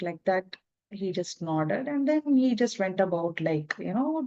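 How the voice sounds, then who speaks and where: A woman teacher telling a story in a relaxed, halting way with restarts, on a dull lo-fi recording. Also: fairly low pitch. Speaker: spiritual teacher. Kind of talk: storytelling in a lesson.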